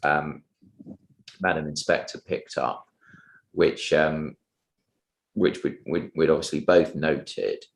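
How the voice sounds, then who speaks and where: A man cross-examining a witness at a public inquiry, polite and halting, with many restarts and fillers. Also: extremely low pitch, gravelly, reverberant. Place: public inquiry hearing room.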